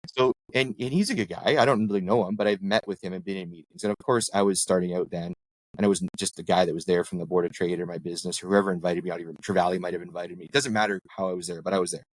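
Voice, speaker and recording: A man's voice: deep voice, steady tone, racing, no echo, poor audio. A middle-aged man, a local councillor, telling anecdotes in casual chat and jumping into voices when he quotes people. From Canada. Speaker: ward councillor, podcast guest.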